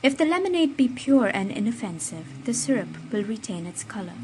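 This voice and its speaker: A woman's voice: a little high, big pitch swings, normal speed, music in the background, rough recording. A woman voicing a grave male doctor who speaks firmly and emphatically. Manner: firm and emphatic.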